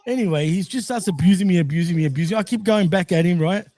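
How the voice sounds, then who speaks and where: A man with a high, mellow voice talks loosely through a live stream. He rambles, curses freely and laughs between his sentences. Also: racing. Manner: rambling storyteller, swears a lot and laughs often. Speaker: stream host. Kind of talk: casual live-stream chat.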